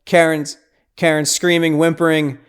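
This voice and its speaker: This podcast host, a man with a somewhat high, clean voice, walks through a movie scene by scene in a relaxed way at a normal speed. His tone stays level, though he hushes for tense moments and keeps tossing in "like" and "right?".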